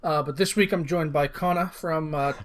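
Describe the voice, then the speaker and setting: American male podcast host, casual, jokey, voice on the higher side. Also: moderate pace, a little hiss or hum. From United States. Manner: joking, laid-back banter.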